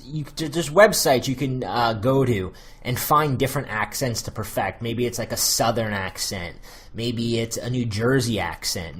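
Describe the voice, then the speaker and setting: A man's voice: mid-range voice, a bit bright, husky. An American man coaching on dating in a loose, chatty monologue full of fillers. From United States. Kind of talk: casual spoken advice monologue.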